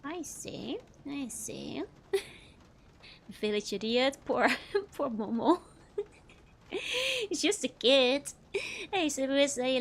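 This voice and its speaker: Giggly high-voiced woman streamer. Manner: giggly, laughs often, chatty. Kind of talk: casual let's-play commentary.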